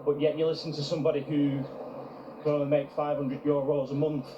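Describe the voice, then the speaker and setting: A man's voice: a little high, flat delivery, brisk, reverberant, highs cut off, heavy background noise. A man from the UK, earnestly telling a travel story to camera and reflecting on it. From United Kingdom. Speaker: travel vlogger. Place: outdoors in a park.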